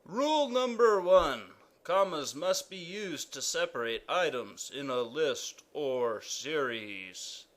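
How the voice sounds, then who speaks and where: A man voicing a pompous, loud male king who proclaims grammar rules in an animated cartoon. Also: slow pace, hardly any pauses. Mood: commanding. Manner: booming proclamations.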